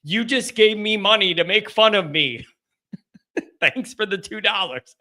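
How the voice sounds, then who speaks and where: A man hosting a live call-in fan show, talking in a subdued, halting way with frequent restarts as he reads out donations. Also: high-pitched, animated, pushed and bright. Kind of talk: casual live-stream chat, reading donations.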